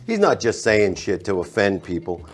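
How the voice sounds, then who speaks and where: Animated Boston comedian telling stories. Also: male voice, lowish voice, normal speed, soft background music. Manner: animated storyteller who laughs at his own jokes. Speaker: comedian guest. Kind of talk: casual chat.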